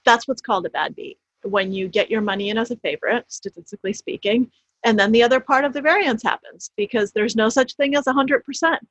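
A woman's voice: fairly high pitch, brisk, no room sound. A woman, an author being interviewed, explaining her points emphatically, often restarting her phrases as she goes. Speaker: author guest. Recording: dull, slightly lo-fi sound.

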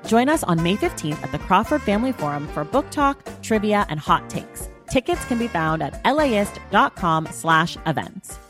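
A woman's voice: medium pitch, sing-song, moderate pace, hardly any pauses, fairly bright tone. A woman podcast host giving an upbeat, friendly scripted promo read. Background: music bed.

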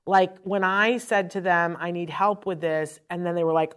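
A middle-aged woman hosting a chatty advice talk, telling stories in an animated, frank way. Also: fairly low pitch, normal speed, hardly any pauses. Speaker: host. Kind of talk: live-stream advice talk.

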